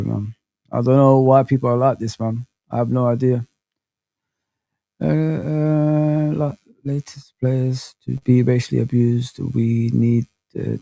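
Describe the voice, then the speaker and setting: A man hosting a live football fan chat, talking casually and reading viewers' comments, with plenty of slang fillers and animated rambling. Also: mid-range voice, creaky, dry recording.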